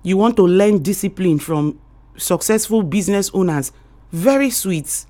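A woman's voice: medium pitch, lively intonation, moderate pace. A woman with a Nigerian accent hosting a morning radio show, giving motivational talk in a preachy way and calling her listeners darling and sweetheart. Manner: rhythmic repetition, swings between loud and quiet.

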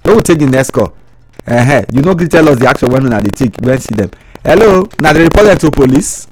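A man with a Nigerian accent hosting a call-in radio show, talking in a lively, teasing way and drawing out key words. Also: mid-range voice, fast talker, a little hiss or hum, rough recording.

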